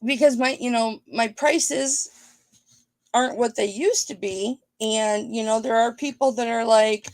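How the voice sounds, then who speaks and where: A woman host of a live-stream auction with a gravelly, slightly high voice, taking her time as she chats playfully to viewers. The sound is close and dry, with no room around it. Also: steady tone, measured pace, dry recording. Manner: chatty and playful, thinks out loud, greets viewers by name.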